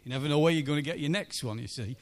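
A man's voice: fairly high pitch, rapid-fire. A church minister telling a chatty story in a sermon and asking his listeners for agreement. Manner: chatty, anecdotal, asks the congregation for agreement.

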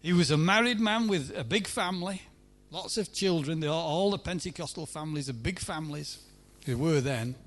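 A man preaching a sermon at a church meeting, emphatic, swinging between loud pleading and hushed lines. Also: on the high side, brisk, hardly any pauses.

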